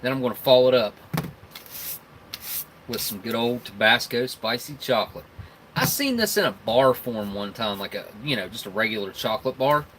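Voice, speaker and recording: A man's voice: mid-range voice, big pitch swings, moderate pace, a bit bright, a little hiss or hum, poor audio. A man with a Southern rural American accent hosting a casual live stream, rambling and chuckling as he tastes snacks and talks with his mouth full.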